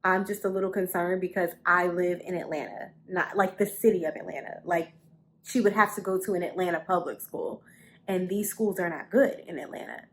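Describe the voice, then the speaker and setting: A woman's voice: on the low side, fairly quick, a little hiss or hum. Chatty young woman vlogging from her bedroom. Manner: chatty, repeats phrases for emphasis. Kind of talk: casual storytelling to camera. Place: bedroom at home.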